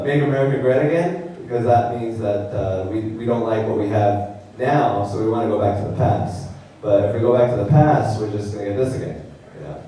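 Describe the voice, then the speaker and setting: Deadpan young man doing stand-up. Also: medium pitch. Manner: deadpan delivery with filler pauses. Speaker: stand-up comedian. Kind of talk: stand-up comedy set. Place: large hall on stage. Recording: very roomy hall sound, slightly distant. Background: audience laughter.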